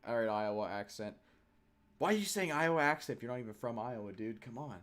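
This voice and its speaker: A man's voice: mid-range voice, expressive, fast, fairly bright tone. A young man from Chicago co-hosting a live stream, teasing the chat in a casual, joking way. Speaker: stream co-host.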